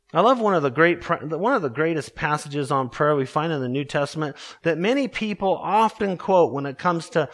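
A man preaching a sermon, earnest and emphatic, slowing down to stress scripture verses. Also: on the high side, fairly bright tone. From Colorado, USA. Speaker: pastor.

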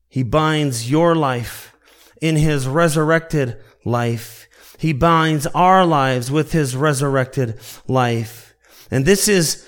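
Slow, deliberate male preacher. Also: a little high, a bit bright. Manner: slow, deliberate preaching with emphatic drawn-out quotes; addresses listeners as beloved. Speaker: pastor. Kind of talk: sermon.

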